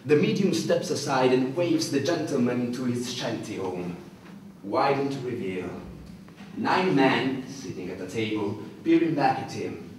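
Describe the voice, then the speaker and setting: A man reads stage directions aloud in a declamatory voice of ordinary pitch. He sounds distant from the microphone. A strong echo fills the room. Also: lively intonation, unhurried, a little hiss or hum. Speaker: narrator. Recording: echoey room, voice from far off.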